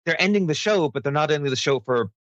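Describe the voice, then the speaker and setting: A man's voice: fairly high pitch, animated, fast, fairly bright tone, no echo, lo-fi sound. A man co-hosting a casual political podcast, sardonic, with mock-formal asides. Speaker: podcast co-host.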